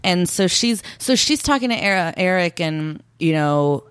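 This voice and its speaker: A young woman talks through the plot of a show in a relaxed, chatty way, slipping into quoted lines from the characters and laughing often. Her voice sits a little low for a woman. The recording is dry and close, with no room sound. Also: normal speed, smooth, no echo. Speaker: podcast co-host recapping a TV show. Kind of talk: casual chat.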